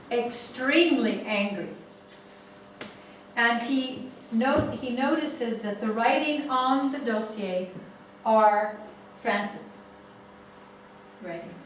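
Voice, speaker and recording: A woman leading a family constellation seminar, telling a case story slowly with many restarts. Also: on the high side, slight background noise. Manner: slow, halting storytelling with restarts. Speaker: seminar facilitator. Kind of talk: guiding a family constellation exercise. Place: seminar room. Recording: echoey room, far from mic.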